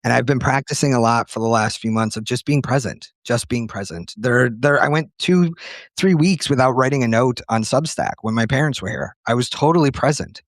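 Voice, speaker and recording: A man's voice: medium pitch, a little fast, no echo, clean studio sound. Earnest man, reflective talk. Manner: earnest, reflective, tells anecdotes with quoted voices. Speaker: podcast guest, writer. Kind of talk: casual conversation.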